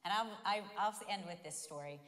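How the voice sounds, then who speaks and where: A woman with a lower voice chimes into the sermon with frank, teasing stories about marriage. She speaks openly and playfully. The church's long reverb hangs behind her voice. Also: fairly quick, a bit bright. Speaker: pastor's wife and co-speaker. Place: church auditorium.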